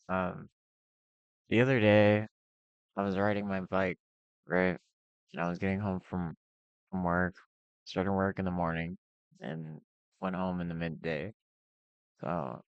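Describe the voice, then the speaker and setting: A man's voice: low-pitched, dry recording, dull audio. A young man telling a rambling personal story in a casual vlog, full of fillers and restarts. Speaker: vlogger.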